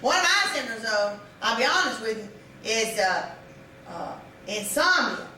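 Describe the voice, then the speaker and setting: A woman's voice: fairly high pitch, lively intonation, measured pace, sharp tone, slight background noise. A woman in her fifties doing a live stand-up routine, rambling and self-mocking with lots of fillers and restarts. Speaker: stand-up comedian. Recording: distant echoey live room with audience. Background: audience laughter.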